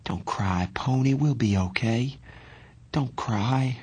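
Male reader doing a scared teen runaway, husky and shaky, lower register. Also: moderate pace, a little mellow. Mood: soothing. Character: frightened teenage boy on the run, guilt-ridden.

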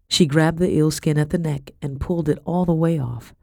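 A woman narrating a first-person story in a measured, expressive storytelling manner. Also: low-pitched, no room sound, studio quality. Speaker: audiobook narrator.

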